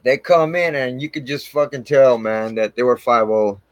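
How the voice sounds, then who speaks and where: A man's voice: mid-range voice, moderate pace, no room sound, low-quality recording. A man telling his own story on his channel, rambling and swearing heavily, with "man" dropped into nearly every line. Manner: rambling, heavy swearing, frequent "man" fillers. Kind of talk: casual storytelling to camera.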